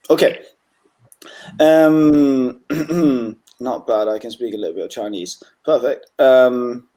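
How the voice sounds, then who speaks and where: A man with a mellow, dark voice at a middle pitch, tutoring a student one on one. He talks in a relaxed, encouraging way, often clearing his throat and filling pauses with ums. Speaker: Chinese tutor. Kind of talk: online tutoring session.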